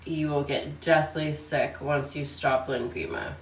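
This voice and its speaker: A woman vlogging casually about her days, tired and out of breath, speaking softly. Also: deep voice, big pitch swings, echoey room, distant mic, slight background noise. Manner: weary, speaking softly and slowly. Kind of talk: casual personal vlog. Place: hospital room, then home.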